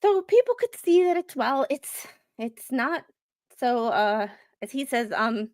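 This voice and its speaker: A woman hosting a commentary stream, reading court documents aloud in a halting, rambling way, with many fillers and restarts. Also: sits high, sing-song, darkish tone, no echo. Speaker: commentary host.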